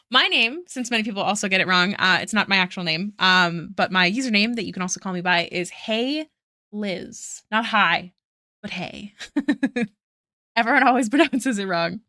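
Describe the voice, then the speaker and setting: A woman's voice: medium pitch, pushed and bright, dry recording, clean studio sound. A woman streaming her art live, chatting casually with viewers, giggling often and thanking them one by one.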